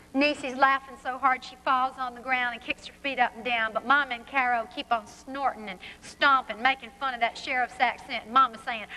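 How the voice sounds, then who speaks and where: Woman author reading aloud, bright and fairly high, echoey college hall. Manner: vivid first-person storytelling. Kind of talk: reading her fiction aloud. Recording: reverberant hall, faint background noise.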